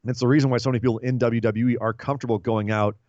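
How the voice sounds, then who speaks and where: A man's voice: mid-range voice, very fast, no room sound, dull audio. A man co-hosting a casual wrestling podcast, rambling and joking with lots of fillers. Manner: rambling, jokey, animated. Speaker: podcast co-host.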